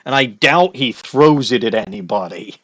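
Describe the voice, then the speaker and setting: A man's voice: medium pitch, expressive, normal speed, fairly bright tone, no echo. A man with a Midwestern accent giving joking, rambling commentary over a courtroom game. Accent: Midwestern American. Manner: rambling, joking, self-interrupting. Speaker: let's play host. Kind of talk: casual gameplay commentary.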